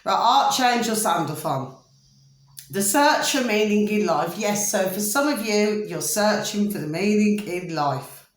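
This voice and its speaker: A woman's voice: medium pitch, animated, measured pace. A middle-aged woman doing a chatty, rambling tarot reading to camera, often giggling. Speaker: tarot card reader. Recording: echoey room.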